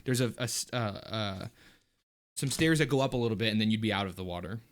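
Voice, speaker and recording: A man narrating as dungeon master, halting and full of fillers and restarts. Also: lowish voice. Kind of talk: narrating a tabletop game.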